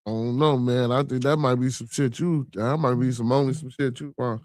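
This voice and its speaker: A man's voice: medium pitch, fairly even intonation, brisk, a little mellow, dry recording, clean studio sound. A middle-aged man from Chicago hosting a live podcast, chatting loosely with viewers, laughing, swearing and repeating himself. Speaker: podcast host. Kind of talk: casual live-stream chat reading viewer comments.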